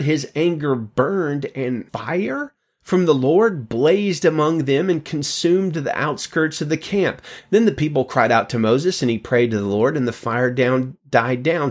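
A man reads Bible passages aloud and stops to comment on them. His asides are conversational and joking, and he pokes fun at himself between verses. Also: medium pitch. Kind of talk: casual Bible reading with commentary.

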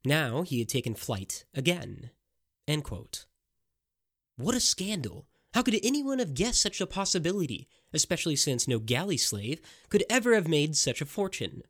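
A man narrating a dramatic historical tale in an expressive storytelling manner. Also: a little high, normal speed, hardly any pauses.

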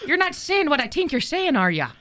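A woman playing a patient wife at her husband's sickbed in a comic radio skit, soft and cooing and prone to giggling. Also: sits high, sing-song, a little fast, heavy background noise. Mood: wary. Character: long-suffering wife at a sickbed.

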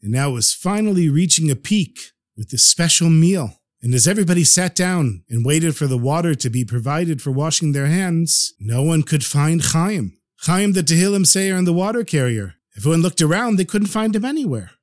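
A man telling a story for a podcast, narrating with animated expression. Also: on the high side, normal speed, few pauses, no echo.

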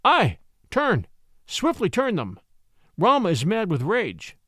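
A man voicing a young boy raised by wolves, urgent and quick to give orders in an audiobook story. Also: high voice, big pitch swings, dry recording, clean studio sound.

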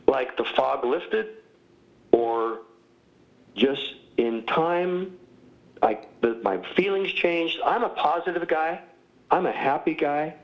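A man's voice: a little high, expressive, takes it slowly, gravelly, pauses often, dull audio. A man in his sixties, a former pastor, talking candidly and self-mockingly as an interview guest, often laughing. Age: 60s.

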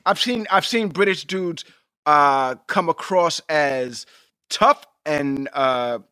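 A man co-hosting a podcast in casual chat, animated and emphatic, swearing freely. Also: on the high side, slow pace, clean tone, no echo, clean studio sound. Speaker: podcast co-host.

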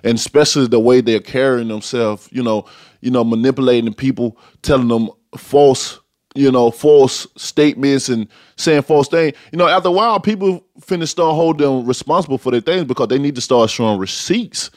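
A man's voice: medium pitch, normal speed, dry recording, studio quality. A man from Alabama, a boxing champion speaking emphatically in a podcast interview and repeating his key points. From Tuscaloosa, Alabama, US.

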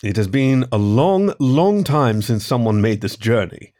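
A man voicing an ancient, mysterious male god cloaked in darkness who speaks slowly and measuredly. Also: medium pitch, big pitch swings, mellow. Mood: solemn. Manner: slow and measured.

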